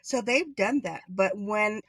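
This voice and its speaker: Podcast guest, a woman from Hawaii, recounts a story with animated jumps and self-corrections; dry, close sound. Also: a little slow, breathy edge, dry recording, rough recording. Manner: animated, acts out quoted voices with pitch jumps. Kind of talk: personal storytelling.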